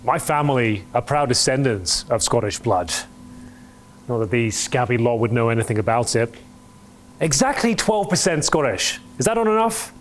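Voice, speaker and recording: A man's voice: mid-range voice, animated, normal speed, a little hiss or hum. A man speaking in a pompous, grandiose manner in a comedy skit.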